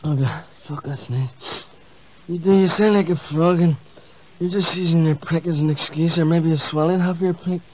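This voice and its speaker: Man doing a slurring, rowdy snooker player, highish, muffled recording. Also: steady tone, normal speed, a little mellow, slight background noise, lightly acted. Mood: crude. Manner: rambling, crude, slurred. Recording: muffled comedy CD.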